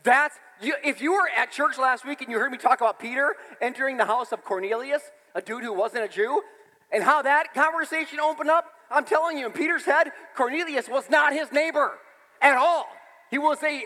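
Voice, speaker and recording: A man preaching a sermon in a church, animated and storytelling, with laughs and sudden shouts. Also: very high voice, in a large hall. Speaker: pastor.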